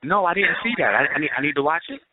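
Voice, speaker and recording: A man co-hosts a casual chat, teasing and emphatic, with a lively, swinging pitch. He is heard over a tinny phone line with a steady hiss of noise behind him. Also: rapid-fire. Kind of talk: casual chat on a call-in show.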